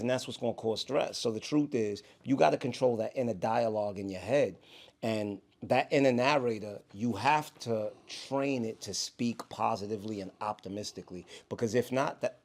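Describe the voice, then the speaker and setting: A man with a New York accent, co-hosting a podcast in casual chat, laid-back and laughing at his own stories. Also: mid-range voice. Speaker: podcast co-host.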